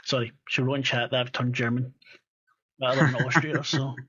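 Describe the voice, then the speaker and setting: A man's voice: medium pitch, level tone, moderate pace, a bit bright, breathy edge, dull audio. Rambling man running a tabletop game. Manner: rambling, full of fillers and restarts, swears. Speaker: game master.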